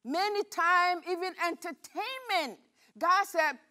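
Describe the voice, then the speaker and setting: High-voiced woman pastor preaching. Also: slow. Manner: animated storytelling preacher, rhetorical questions. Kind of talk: sermon.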